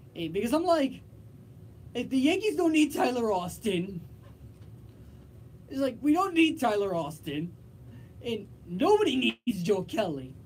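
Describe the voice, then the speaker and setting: A man's voice: high-pitched, a little mellow, slight background noise. A young man hosting a college radio sports show, talking casually in a rambling, filler-heavy way. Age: young adult.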